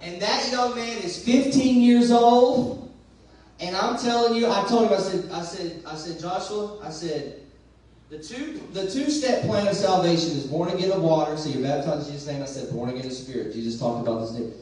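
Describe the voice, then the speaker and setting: A pastor preaching a sermon, moving from soft, quick storytelling to loud, drawn-out calls. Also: male voice. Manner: preaching that drops to a soft storytelling voice and rises to a loud high call. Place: large church sanctuary. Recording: very echoey church heard from far off.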